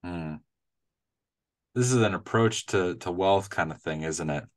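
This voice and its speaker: Midwestern male co-host, deep voice, thoughtful and unhurried in chat. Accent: Midwestern American. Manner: thoughtful, hedging with fillers. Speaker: church podcast co-host. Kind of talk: casual chat.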